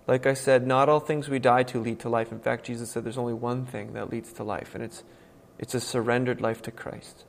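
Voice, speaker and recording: A male pastor preaching a sermon with earnest emphasis, moving between hushed and loud, emphatic passages. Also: medium pitch, steady tone, brisk, gravelly, slight background noise. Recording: long reverb from a large hall.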